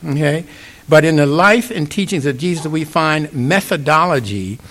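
A man's voice: on the high side, animated, moderate pace, fairly bright tone. Conversational man giving a casual sermon. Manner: conversational, asks "you get it?". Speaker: pastor. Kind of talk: informal sermon.

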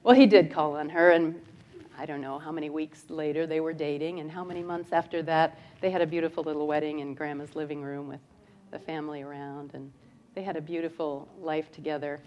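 A woman spiritual teacher giving a sermon that mixes stories with slow, repeated emphatic lines, moving between soft and loud. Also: low-pitched, muffled recording. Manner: expressive, swings from soft to loud. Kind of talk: sermon with storytelling.

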